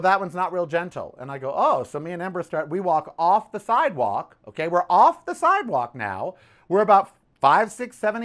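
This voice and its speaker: A man hosting his own podcast, talking in a sassy, chatty way about the news and his day, often calling listeners "honey.". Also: fairly high pitch. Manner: sassy, animated, says "honey" and "okay". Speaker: podcast host. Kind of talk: casual political commentary.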